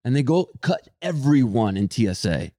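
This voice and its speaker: A young man co-hosting a podcast, telling a story in casual chat, animated and swearing, acting out people who shout. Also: mid-range voice, normal speed, no echo, clean studio sound. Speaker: podcast co-host.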